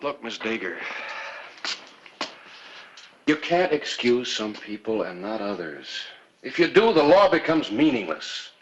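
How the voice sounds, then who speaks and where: A man's voice: on the low side, normal speed, highs cut off, noisy background. An actor playing a frontier lawman who speaks firmly and steadily in a 1950s TV western. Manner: firm and steady.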